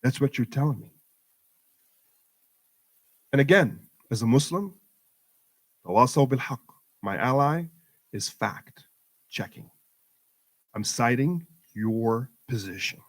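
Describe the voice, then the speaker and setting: A man's voice: mid-range voice, animated, takes it slowly, pauses often. Impassioned middle-aged man addressing a crowd. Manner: emphatic, rhetorical repetition, rising and falling for emphasis. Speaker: guest speaker at community program. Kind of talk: impassioned public talk to a community audience. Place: mosque event hall.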